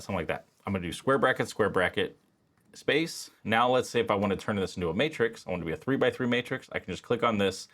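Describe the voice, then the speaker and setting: Low-voiced man teaching equation software. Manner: casual, explains step by step with fillers. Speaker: statistics instructor. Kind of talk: screen-recorded software tutorial.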